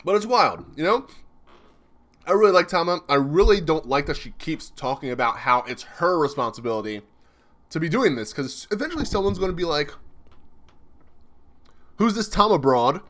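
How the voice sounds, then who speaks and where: A young man excitedly commenting live as he reads a comic chapter, chatty and laughing often. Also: a little high, a little fast. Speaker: streamer reacting to a manga chapter.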